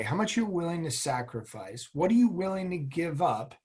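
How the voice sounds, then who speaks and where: A man's voice: on the high side, very animated, normal speed, a little mellow, slight background noise. A middle-aged man, a guest in an interview, speaking in an earnest, motivational way as he tells stories about leadership. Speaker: guest, former military officer and executive. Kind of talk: interview conversation.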